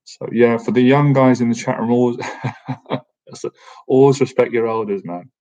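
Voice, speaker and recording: A man's voice: medium pitch, steady tone, moderate pace, dark tone. A man in his thirties hosting a casual live-stream Q&A, chatty and jokey, often tacking "man" onto his sentences. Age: 30s. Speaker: boxing coach and livestream host. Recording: dull lo-fi stream audio.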